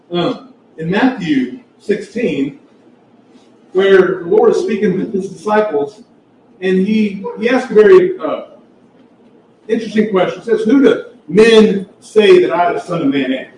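Preacher, male, high voice, impassioned sermon delivery, recorded from far off in an echoey hall. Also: a little hiss or hum. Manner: impassioned, rising to near-shouts.

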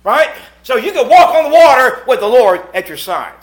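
A middle-aged preacher delivering a sermon in a church, his voice fairly high and swooping all over. He drops to hushed asides, then rises to shouted points. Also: big pitch swings, normal speed. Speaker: pastor. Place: church meeting house.

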